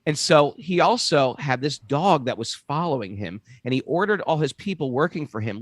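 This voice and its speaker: A man's voice: medium pitch, a little fast, hardly any pauses, dry recording. A man telling a spiritual story in casual chat, acting out the voices of the people in it. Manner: animated, acts out voices in his stories. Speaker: co-host.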